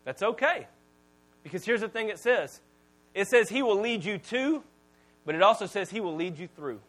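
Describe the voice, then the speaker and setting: A man in his thirties, a pastor preaching a sermon in a conversational, storytelling way, swinging between loud and soft. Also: high-pitched, animated, moderate pace.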